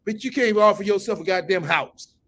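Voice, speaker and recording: A man's voice: high-pitched, quick pace, fairly bright tone, slight background noise. A man hosting a commentary channel, reading a post aloud and reacting with profane, mocking, incredulous rants. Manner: breaks into laughter at times.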